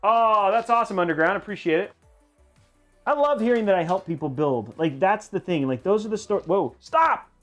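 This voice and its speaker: A man hosts a livestream with soft music in the background, rambling through casual chat and playfully poking fun at himself. His high, fairly bright voice is a little fast, with lively intonation.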